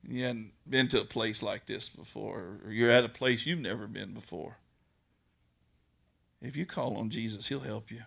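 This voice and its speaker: A man's voice: fairly low pitch, moderate pace, creaky, fairly bright tone, no echo. A man, preaching in a folksy, earnest way and telling a personal story. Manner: folksy, earnest, repeats words and restarts. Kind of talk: informal storytelling sermon.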